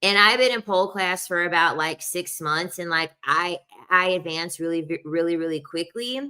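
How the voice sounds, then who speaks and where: A woman's voice: lowish voice, normal speed, bright, forceful tone, smooth. A young adult woman talking in a casual, rambling chat, full of "like" fillers and the odd laugh. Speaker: podcast host.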